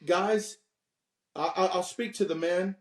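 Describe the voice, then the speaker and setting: Animated man in his fifties, roomy sound. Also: high voice, takes it slowly, slight background noise. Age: 50s. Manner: animated storyteller, laughs at his own stories, preachy advice. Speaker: podcast guest. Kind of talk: candid podcast conversation.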